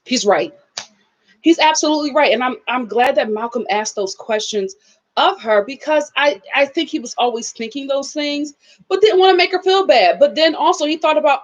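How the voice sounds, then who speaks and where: A woman hosting a casual live review of a reality show, animated, slangy and outspoken. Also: a little high, normal speed, lo-fi sound. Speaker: reality TV reviewer and channel host.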